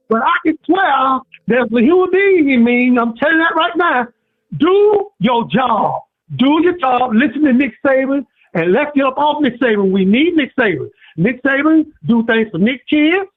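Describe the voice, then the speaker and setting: A man calling in to a sports radio show, preaching and repeating himself. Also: husky. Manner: preachy, repeats himself, swings high and low. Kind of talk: impassioned call-in rant. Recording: tinny phone line.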